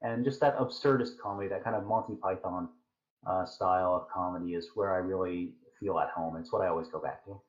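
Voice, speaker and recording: Guest, male, low voice, pauses and fillers, dull remote-call sound. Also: steady tone. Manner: halting, thoughtful, frequent fillers. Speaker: podcast guest, fan fiction writer. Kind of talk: casual podcast interview.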